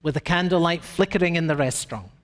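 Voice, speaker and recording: A man with a fairly high voice preaches a sermon with emphatic, dramatic shifts in pace and pitch. His words carry a long reverb through a large hall. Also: quick pace.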